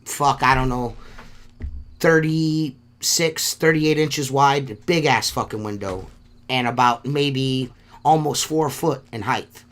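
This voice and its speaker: A man's voice: medium pitch, slow. A young adult man hosting a casual chat, telling stories with heavy swearing and frequent laughs. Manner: profane, laughs often, animated storytelling. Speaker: podcast host.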